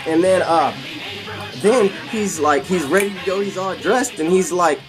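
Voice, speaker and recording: A man's voice: high-pitched, measured pace, music in the background. A man casually retelling a film scene by scene, rambling and repeating himself as he goes. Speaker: video host.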